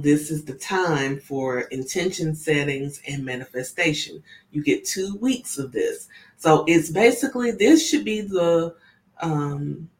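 A woman reading oracle cards in a casual live session, chatty and often checking in with her listeners. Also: low-pitched. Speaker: spiritual oracle card reader. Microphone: camera on tripod with ring light.

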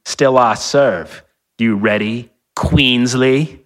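A man reading a story aloud, voicing a smug, menacing aging athlete who taunts his opponent with slow, mock-polite jabs. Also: mid-range voice, fairly bright tone. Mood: taunting.

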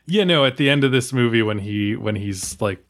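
A man on a film podcast giving his relaxed take on a movie, full of "like" fillers. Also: medium pitch, moderate pace. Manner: relaxed, filler-heavy with lots of "like". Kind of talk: casual film discussion.

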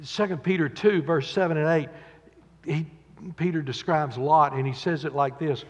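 A man preaching a sermon in a church, dramatically acting out quotes and swinging between loud and quiet. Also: a little high, normal speed. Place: church sanctuary. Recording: dull echoey church recording with long reverb.

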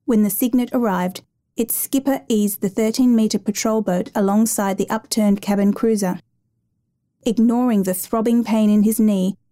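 A woman narrates a dramatic true rescue story in a measured, even reading. Her voice is mellow and warm, at a middle pitch.

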